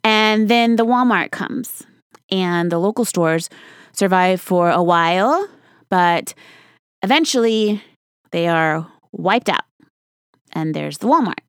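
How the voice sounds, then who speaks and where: A woman's voice: medium pitch, animated, slow, long pauses, clean tone, dry recording, clean studio sound. A woman hosting a podcast, chatting in a casual, enthusiastic, folksy way. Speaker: podcast host.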